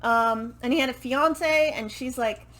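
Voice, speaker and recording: Woman booktuber rambling about a series, kinda high voice, takes her time, swears a bit, talking into a mic. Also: fairly bright tone, poor audio. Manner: rambling and unhurried, swears casually, self-correcting asides. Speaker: book vlogger. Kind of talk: casual book chat to camera. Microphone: microphone she turns to face.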